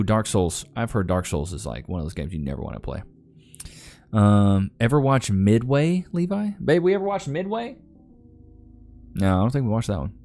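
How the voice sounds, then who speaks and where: Faint music hums behind this young Northeast Texas man as he reads viewer comments aloud during a laid-back live stream. His pitch is fairly low and his tone mellow, with an easygoing Southern drawl.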